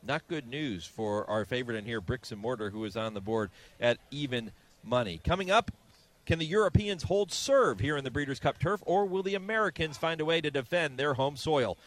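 A man hosting live sports radio, presenting in a brisk, upbeat broadcaster's manner. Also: medium pitch, animated. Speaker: radio host.

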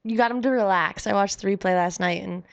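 A woman's voice: mid-range voice, fast, gravelly, lo-fi sound. A woman co-hosting a radio talk show, asking conversational questions. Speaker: co-host.

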